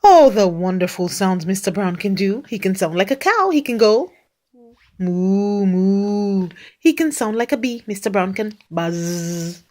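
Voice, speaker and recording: A woman's voice: mid-range voice, animated, a little fast, few pauses, a little mellow. A woman reading picture books aloud to a young child, playfully acting out animal noises and sound effects.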